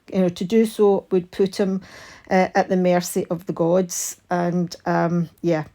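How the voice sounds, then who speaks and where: Mellow-voiced Scottish woman chatting casually. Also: fairly low pitch, little pitch movement, measured pace, rough recording. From Scotland. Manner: chatty, rambling, many fillers and restarts. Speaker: crafting channel host. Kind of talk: casual chat and storytelling while crafting.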